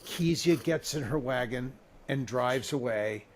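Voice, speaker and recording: A man in his sixties co-hosting a podcast, summing up the plot in a steady, measured way. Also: medium pitch, a crowd in the background. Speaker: podcast co-host. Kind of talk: casual chat recap.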